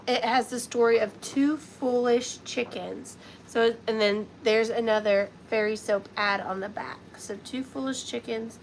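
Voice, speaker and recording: Woman host, live-stream seller; gushing, chatty, slight vocal fry. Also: medium pitch, slight background noise. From United States. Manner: chatty, gushing, counts down bids. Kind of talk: live-stream selling chat.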